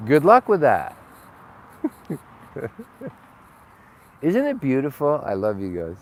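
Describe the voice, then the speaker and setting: A man giving an unscripted spiritual monologue, rambling and blunt, with frequent swearing and sudden swings between loud and soft. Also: mid-range voice, sing-song, measured pace, pauses often, a little hiss or hum. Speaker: spiritual teacher.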